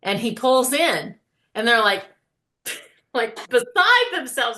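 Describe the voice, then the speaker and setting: A woman's voice: a little high, big pitch swings, slow, sharp tone. A woman teacher chatting casually, telling stories and laughing often. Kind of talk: casual conversation.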